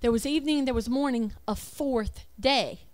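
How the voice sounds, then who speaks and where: High-voiced woman preaching emphatically. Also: moderate pace, a little mellow. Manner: emphatic, rhetorical questions; reads lists aloud, self-correcting. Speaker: religious speaker. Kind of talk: preaching over slides.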